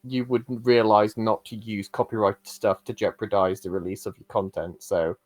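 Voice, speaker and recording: A man's voice: on the low side, level tone, moderate pace, a little mellow. A man co-hosting a podcast, chatting casually and agreeably, often murmuring assent. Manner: agreeable, frequent mm's.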